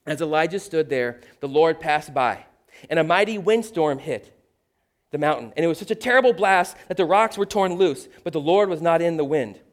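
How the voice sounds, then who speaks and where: A pastor preaching a sermon in a conversational, earnest manner with playful asides. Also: male voice, fairly high pitch, moderate pace.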